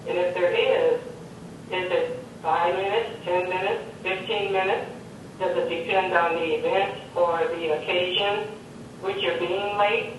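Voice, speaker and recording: A woman appearing as a guest on a talk show, asking her question slowly and deliberately with some hesitation. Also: fairly even intonation. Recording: very echoey, distant, faint rumble.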